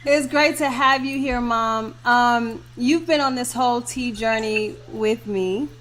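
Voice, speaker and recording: A woman in her thirties hosts a casual live video chat, effusive and quick to laugh. Her voice sits fairly high. She comes through a video call. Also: a bit bright. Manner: effusive, laughs often, gets emotional. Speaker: host of a virtual launch party.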